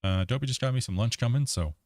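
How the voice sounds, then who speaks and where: A man's voice: medium pitch, fast talker, a little mellow, no echo, clean studio sound. A man hosting a gaming livestream, rambling casually and chuckling as he talks to his chat.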